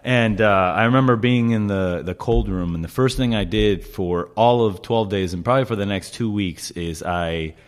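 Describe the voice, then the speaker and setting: A man's voice: fairly low pitch, moderate pace, few pauses. A man hosting a podcast, telling kitchen stories in casual chat, swearing freely and laughing as he talks. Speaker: podcast host.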